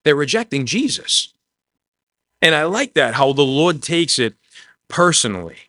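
A man preaching a sermon in a conversational way, dropping soft and low when he voices quoted words. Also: very animated, a little slow. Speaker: pastor.

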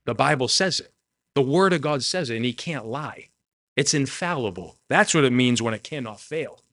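Man, preacher, sermon, earnest, emotional, middle pitch. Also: animated, moderate pace, fairly bright tone. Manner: earnest, emotional, tearful at moments.

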